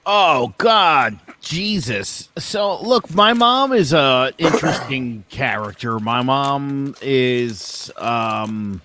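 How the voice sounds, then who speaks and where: A man's voice: medium pitch, animated, bright, forceful tone, a little hiss or hum. Storytelling man co-hosting a podcast. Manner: storytelling, self-deprecating, quick asides. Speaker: podcast co-host. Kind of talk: casual podcast chat.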